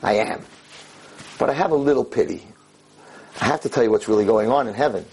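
A man doing a sneering, husky devil. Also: lowish voice, brisk, darkish tone, poor audio. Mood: confiding. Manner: sneering, confiding. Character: the devil, a mean male angel, mocking.

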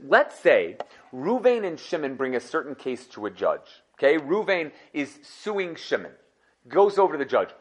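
A man teaching a casual Torah class, telling stories in an animated, conversational way. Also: high-pitched.

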